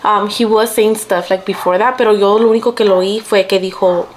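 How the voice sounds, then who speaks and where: A woman's voice: mid-range voice, steady tone, a little fast, slight background noise. A young woman vlogger from Mexico telling a story casually while getting ready, chatty and mixing in Spanish. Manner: chatty, switches between English and Spanish.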